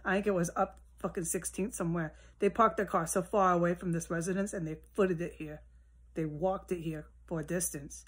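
A woman rambling alone at home in a solo monologue, swearing often and drifting between low mutters and heated outbursts. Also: fairly even intonation, fairly quick, breathy edge. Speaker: vlogger. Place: at home, indoors with a window open.

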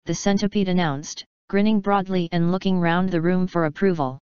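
A woman narrating a children's story with a very smooth, slightly low voice. Her reading is measured and clear, recorded dry with a slightly dull, lo-fi tone. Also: a little mellow, dry recording. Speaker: audiobook narrator.

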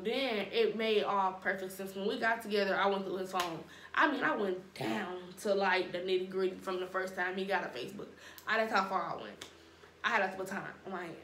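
A young woman tells a casual storytime, full of slang and acting out the other people's lines. Her voice sits in a mid register and carries a roomy echo. A faint hum of noise runs behind her. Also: medium pitch. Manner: animated, slangy, acts out quotes. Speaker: storytime vlogger.

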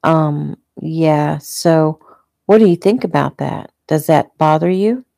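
A woman reading the part of a protective, impatient grown man who speaks softly and hesitantly. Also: a little high, slow, vocal fry, dry recording, clean studio sound. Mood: gentle.

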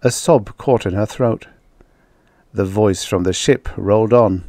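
A man's voice: lowish voice, dark tone, dry recording, clean studio sound. A man narrating a vintage science fiction story as an audiobook reader. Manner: slow, measured reading. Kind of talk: scripted narration.

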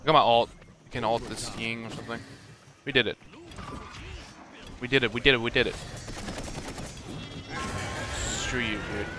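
A man giving live gameplay commentary, coaching his teammates and shouting at big moments. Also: medium pitch, fairly even intonation, normal speed, long pauses, music in the background. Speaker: gaming video creator.

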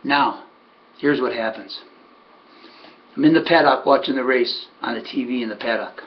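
A man, a harness horse trainer, casually telling a story in an animated, emphatic way, repeating words for effect. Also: medium pitch, normal speed. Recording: dull lo-fi recording.

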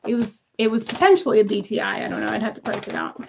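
A woman's voice: mid-range voice, expressive, very fast, gravelly, highs cut off, background noise. A woman in her thirties chatting casually to viewers while unboxing crystals, exasperated and talkative. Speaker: crystal seller.

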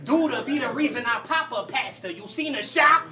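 A man from Louisiana delivers boastful, menacing battle-rap verses at a live event, repeating punchlines for effect. He is caught from some way off the microphone. A loud crowd cheers behind him. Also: extremely high pitch, expressive, brisk, distant mic, heavy background noise. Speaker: battle rapper.

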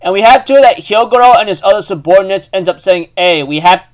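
High-voiced man rambling through a recap. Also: quick pace. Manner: rambling, filler-heavy, self-correcting. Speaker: anime recap host. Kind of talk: casual chapter recap.

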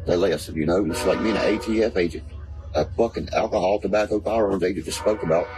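A man's voice: low voice, fast, rough recording. A man from Virginia, rambling in casual chat, cursing freely and spinning conspiracy talk. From West Virginia. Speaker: guest. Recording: background music playing.

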